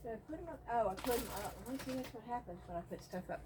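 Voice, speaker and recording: A woman's voice: a little high, racing, slight background noise. Chatty Southern woman gushing over bargains. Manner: chatty, excited about bargains, rambling asides. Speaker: craft vlogger. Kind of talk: casual haul and craft chat.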